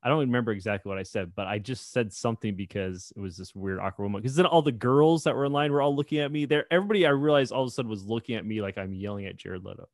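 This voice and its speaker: A man with a gravelly, somewhat low voice spins a rambling story for his podcast, full of restarts and chuckles. The sound is close and dry, with no room around it. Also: rapid-fire, few pauses, dry recording. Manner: rambling anecdote with frequent restarts and laughter. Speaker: podcast co-host. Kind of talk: casual storytelling chat.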